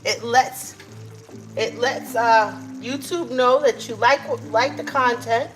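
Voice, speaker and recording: A middle-aged woman hosts a live cooking stream from her home kitchen. She chats easily with her viewers between steps, in a slow, relaxed delivery. Music plays clearly in the background. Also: fairly high pitch, low-quality recording. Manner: chatty, talks to viewers while cooking. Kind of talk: casual live cooking chat.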